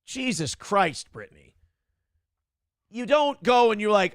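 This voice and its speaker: A man's voice: high voice, huge pitch swings, unhurried, gravelly, no room sound. A male morning show host giving comedic, ranting commentary, sarcastic and profane as he mocks celebrities, on a close mic.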